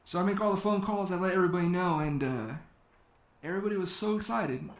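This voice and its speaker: A man's voice: high-pitched, fast talker. A man telling a personal story to an audience, acting out quoted talk in his own voice, with fillers. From California. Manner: quoting others in his own voice, with many fillers. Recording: echoey hall.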